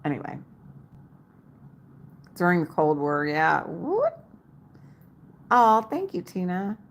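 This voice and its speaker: A chatty woman hosts a livestream from her home, reading her viewers' comments aloud and answering them by name. Her voice sits low and carries a gravelly fry, and she laughs often as she talks. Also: lively intonation, moderate pace, a little hiss or hum. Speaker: livestream host. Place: home in Las Vegas.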